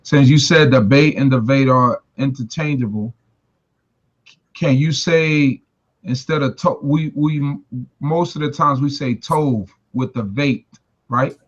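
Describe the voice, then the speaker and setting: A man's voice: mid-range voice, slow. Hesitant male student, dull recording. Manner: hesitant, stumbles and restarts questions. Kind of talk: answering in class.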